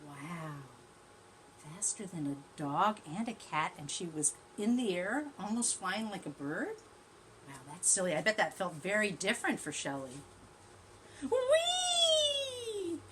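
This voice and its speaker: A woman teacher reading a storybook aloud to young children, gently chatty and asking them questions as she goes. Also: fairly low pitch, expressive, normal speed, a little hiss or hum.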